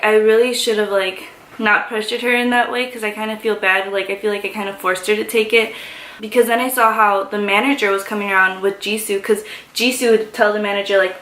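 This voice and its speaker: A woman vlogger telling a story in excited, gushing chatter full of fillers. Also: on the high side. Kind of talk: casual story time. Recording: echoey room.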